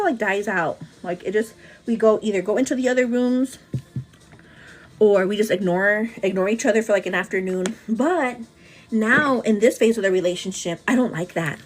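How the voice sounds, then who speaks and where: Chatty woman calling everyone girl. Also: mid-range voice. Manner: chatty, says "girl" often, quick asides. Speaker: vlogger answering live chat. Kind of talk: casual chat while doing makeup.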